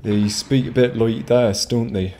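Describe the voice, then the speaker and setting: A man's voice: medium pitch, fairly even intonation, a little slow, dark tone, slight background noise. A man streaming a game live, rambling casually, swearing freely and chatting with his viewers. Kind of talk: casual live gameplay commentary.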